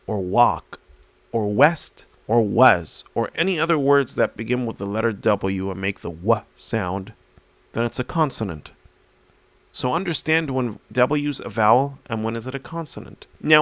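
A male teacher explaining a reading lesson step by step, slowing down to sound out example words and lifting his voice to stress key points. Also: medium pitch, a bit bright, no echo.

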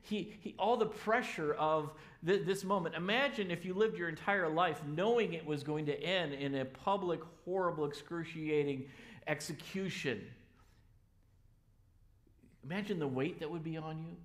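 A man preaching a sermon as pastor in a church, loud and energetic. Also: fairly high pitch, normal speed.

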